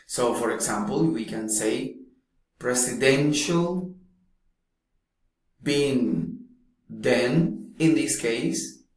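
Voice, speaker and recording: A man teaching pronunciation in a slow, deliberate way, pausing often between phrases. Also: mid-range voice, a little mellow. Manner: slow, deliberate, drawn-out speech with long pauses. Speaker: English teacher. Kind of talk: slow explanatory lesson. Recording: very echoey room.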